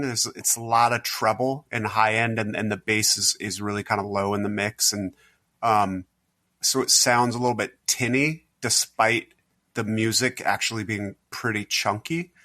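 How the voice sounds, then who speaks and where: A man's voice: on the low side, pushed and bright, no echo. A man as a podcast guest in casual chat, thoughtful and hesitant, rambling with fillers.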